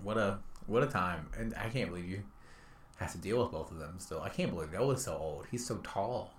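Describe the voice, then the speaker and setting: A young adult talking casually with their mother, laughing often and swearing freely. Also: brisk. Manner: laughs often, loose and swearing, sometimes drops to a low muttered tone. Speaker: eldest child of the other speaker. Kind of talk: casual chat.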